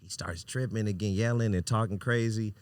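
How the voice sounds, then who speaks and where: A man hosting a podcast, telling a wild personal story in a casual, animated, profane way, often breaking into laughter. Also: fairly low pitch, brisk, no room sound. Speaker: podcast host.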